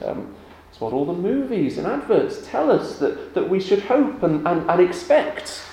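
A man leading a church service, praying and then giving a lively children's talk with questions. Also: sits high, unhurried, creaky, few pauses, a little hiss or hum. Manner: animated with children, rising and warm questions. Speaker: pastor. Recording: echoey church room with faint ambience.

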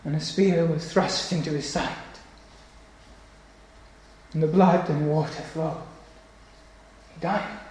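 A male preacher delivering a solemn, emphatic sermon, slowing down on key phrases. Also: fairly high pitch, steady tone, a little mellow. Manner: solemn, emphatic, slows for weight. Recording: very echoey church hall.

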